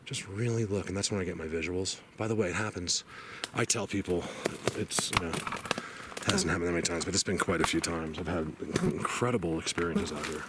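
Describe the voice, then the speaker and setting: A man vlogging while hiking in a forest, out of breath, rambling and excitable, sometimes dropping to a whisper. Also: deep voice, brisk, heavy background noise. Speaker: outdoor vlogger searching for Bigfoot. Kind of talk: casual walking vlog to camera. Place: forest outdoors.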